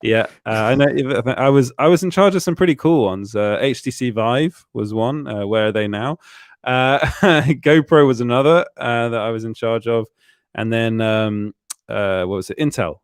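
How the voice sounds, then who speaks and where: A man's voice: mid-range voice, moderate pace, clear, resonant tone, no echo, studio quality. A young man with an English accent telling stories in a casual, laughing, self-deprecating way as a co-host. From England. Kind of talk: casual livestream chat.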